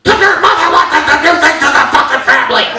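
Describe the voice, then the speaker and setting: A man acting out a blustering, exasperated father who shouts while driving. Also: very high voice, animated, fast, recorded from a distance, very noisy. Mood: yelling. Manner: yelling, blustering. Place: theater stage. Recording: roomy live theater audio from afar.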